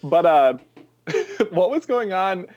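A man co-hosting a podcast, retelling film scenes in a lively way and laughing often. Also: high voice, slow pace, dull audio. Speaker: podcast co-host. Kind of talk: casual chat about a film.

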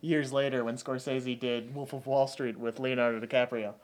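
A man's voice: mid-range voice, level tone, normal speed. A man hosting a podcast, talking in an upbeat, rambling way. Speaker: podcast host. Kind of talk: casual chat.

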